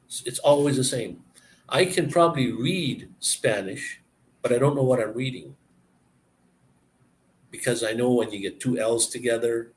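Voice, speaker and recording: A man chatting casually and explaining words, halting and searching for words as he goes. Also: mid-range voice, darkish tone. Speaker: person explaining language to a visitor. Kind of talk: casual chat.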